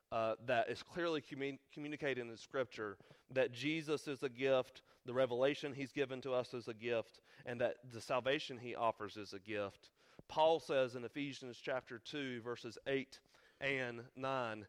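A man preaching an earnest Christmas sermon, slowing down and pausing on key words, building to emphatic stresses. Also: medium pitch. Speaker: pastor.

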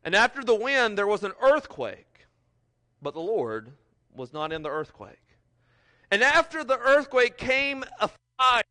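A man preaching a sermon, swinging between loud, emphatic lines and soft, almost whispered ones as he reads scripture and applies it. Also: a little high. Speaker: pastor.

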